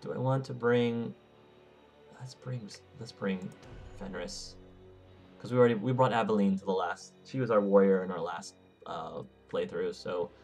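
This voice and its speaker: A man casually commenting over a game he plays. His voice sits low, and he often stumbles and restarts mid-sentence in a chatty way. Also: darkish tone. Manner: rambling, self-correcting, chatty. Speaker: let's play host.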